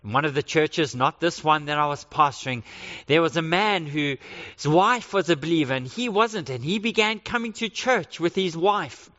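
A middle-aged male pastor preaching a sermon, emphatic and slowing down to stress key phrases. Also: a little high, pushed and bright. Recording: reverberant hall, dull lo-fi sound.

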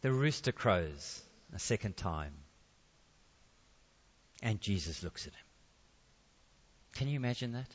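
A man's voice: lowish voice, expressive, measured pace, pauses often, husky, long reverb tail, highs cut off. A man preaching a sermon in a conversational way, with jokey asides.

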